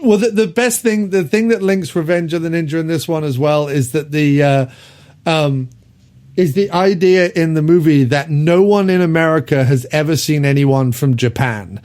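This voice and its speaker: A man hosting a podcast, reviewing an old movie in casual chat, rambling with lots of ums and quick laughs. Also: on the high side, darkish tone. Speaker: podcast host.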